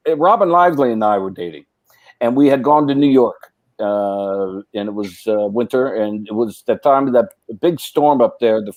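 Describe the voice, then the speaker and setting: A man's voice: on the low side, darkish tone, dry recording. A middle-aged man, a guest actor, telling long casual anecdotes, rambling with many restarts and fillers.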